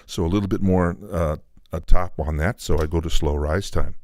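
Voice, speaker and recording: An equipment designer demos a preamp in a studio, his low, slightly mellow voice keeping a fairly even intonation at normal speed with no echo. He explains things loosely, full of fillers, drifting on and off the mic in this technical product demonstration.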